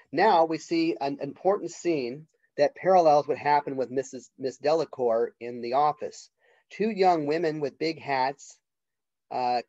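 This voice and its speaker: A man's voice: medium pitch, a little mellow, dry recording. Man lecturing casually, dull lo-fi sound. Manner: conversational, acts out characters' lines in quick voices. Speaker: college literature professor.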